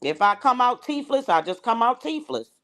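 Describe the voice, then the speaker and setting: Animated woman host dishing gossip. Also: on the high side, moderate pace. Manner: blunt, animated, slangy and emphatic. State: eating while talking. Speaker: show host. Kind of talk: casual gossip commentary chat.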